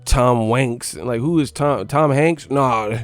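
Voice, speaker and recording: A man's voice: mid-range voice, slow pace, faint music behind. Profane, mocking man ranting. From United States. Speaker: boxing commentator. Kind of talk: casual rant.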